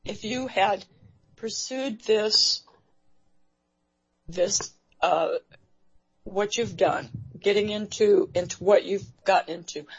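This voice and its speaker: A woman hosting an interview program, talking in a halting way with many fillers and restarts. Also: medium pitch, slightly rough. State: emotional, near tears. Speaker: radio show host. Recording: dull lo-fi recording.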